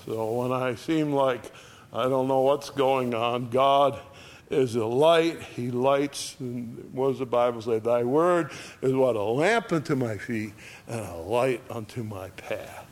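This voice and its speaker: A man's voice: mid-range voice, takes it slowly. A man preaching a conversational sermon, reading scripture aloud with rising emphasis and acting out dialogue. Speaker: pastor.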